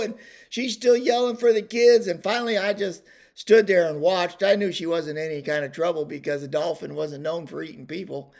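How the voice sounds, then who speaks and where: A man spins a relaxed family yarn in a rambling, folksy way. His voice sits a little higher than most men's. He loops back and fills gaps with easygoing fillers. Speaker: storyteller host. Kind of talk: casual storytelling vlog.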